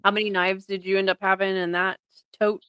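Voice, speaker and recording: A woman co-hosting from indoors, reading chat messages aloud and talking casually in a relaxed way. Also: medium pitch, fairly quick, clear, resonant tone, no echo. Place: indoors in the house.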